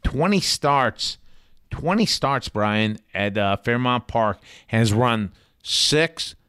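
A man's voice: medium pitch, animated, slow, fairly bright tone, clear, resonant tone, dry recording, clean studio sound. A man handicapping horse races in a casual, blunt, chatty way, swearing now and then. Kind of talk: casual race picks talk.

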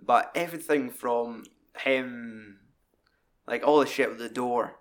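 A man talks slowly and casually about a film, swearing freely as he goes. When quoting lines, he acts them out in loud, high voices.

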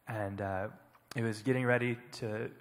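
A man giving an earnest, reflective personal testimony as a panel speaker at church, often pausing and halting. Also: on the low side, fairly even intonation, big-room sound. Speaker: panel speaker, foster parent.

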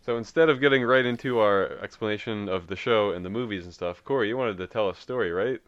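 A man's voice: on the low side, quick pace, a bit bright, highs cut off. A man hosting a podcast in casual chat, throwing in dry teasing remarks. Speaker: podcast host.

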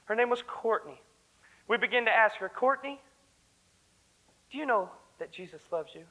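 A young man preaches with earnest fervor at a church service. His voice sits high and sounds bright and ringing. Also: animated, normal speed, rough recording. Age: young adult. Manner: earnest, fervent preaching, breaks into song. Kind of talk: sermon.

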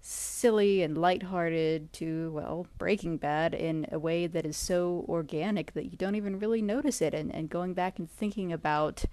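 A woman's voice: fairly low pitch, fairly even intonation, moderate pace, few pauses, a little mellow, no room sound. A woman in a casual podcast discussion, thoughtful and articulate, speaking in long flowing sentences.

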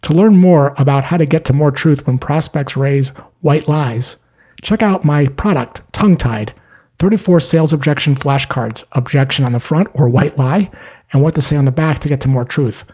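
A man talking through a scripted explainer in short, punchy sentences. His voice is mellow and a little husky, and he sounds calm as he explains each point. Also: fairly high pitch, moderate pace. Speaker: sales trainer.

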